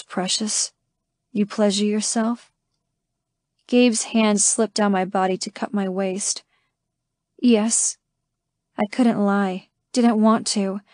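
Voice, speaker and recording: A woman reading a first-person romance audiobook in a slow, intimate way. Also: medium pitch, mellow, dry recording, clean studio sound. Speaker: audiobook narrator. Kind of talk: scripted first-person narration.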